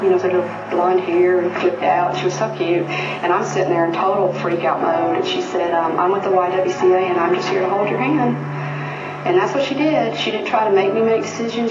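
A woman's voice: mid-range voice, lo-fi sound. Earnest woman in a distant echoey clip. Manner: earnest, halting, many fillers. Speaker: abuse survivor giving testimony. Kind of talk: personal testimony. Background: loud music bed.

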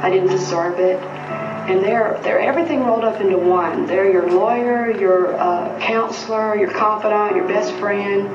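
A woman giving halting, earnest personal testimony, full of fillers and restarts. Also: mid-range voice. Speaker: abuse survivor giving testimony. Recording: distant echoey dull archive clip. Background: loud music bed.

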